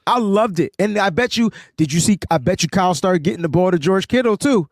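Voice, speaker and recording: Excitable high-voiced man ranting. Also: fairly quick, no room sound, studio quality. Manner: animated, ranting, repeats words. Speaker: podcast co-host. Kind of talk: excited sports podcast chat.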